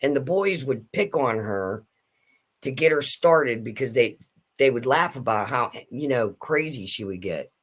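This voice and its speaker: A middle-aged woman telling a family story in casual chat, animated and laughing as she goes. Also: extremely low pitch, unhurried.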